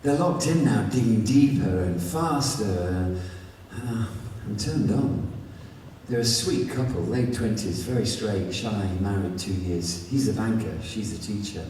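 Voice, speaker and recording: A man's voice: on the low side, measured pace, mellow, slight background noise. A man reading his own novel aloud in the first person, with a wry, conversational delivery. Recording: echoey hall from far off, faint ambience.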